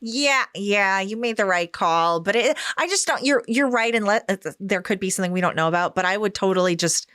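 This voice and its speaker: A woman's voice: medium pitch, brisk, hardly any pauses, fairly bright tone, smooth, no room sound, studio quality. A woman co-hosting a podcast, chatting casually with short reactions and playful asides. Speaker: podcast co-host. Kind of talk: casual chat.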